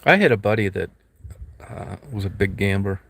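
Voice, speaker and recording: A man with a low voice rambles bluntly through casual stories, swearing freely and acting out little quotes. There is a faint hiss behind him. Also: animated, moderate pace, gravelly, fairly bright tone. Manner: blunt, profane storytelling with acted quotes.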